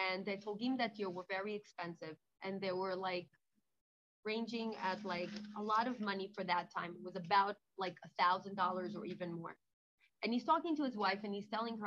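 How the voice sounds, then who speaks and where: A woman giving an informal holiday talk. She tells animated stories with many restarts. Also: mid-range voice, normal speed. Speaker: speaker. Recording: dull lo-fi recording.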